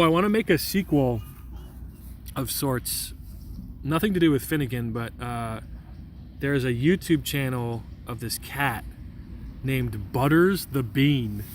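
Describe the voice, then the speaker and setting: A man's voice: medium pitch, slight background noise. A young man livestreaming outdoors in a park, reading out chat messages in a rambling, joking, goofy way. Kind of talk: casual live vlog chat.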